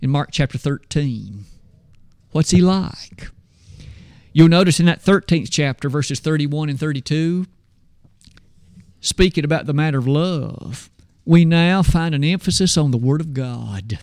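A man's voice: on the high side, expressive, a little slow, pauses often, darkish tone, no room sound, clean studio sound. A man preaching a sermon, posing rhetorical questions and swinging his voice up and down when he quotes scripture.

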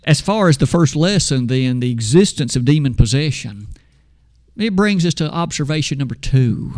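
A man delivering a sermon, reading scripture aloud with slow, emphatic pauses. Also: sits high, no room sound, clean studio sound. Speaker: preacher.

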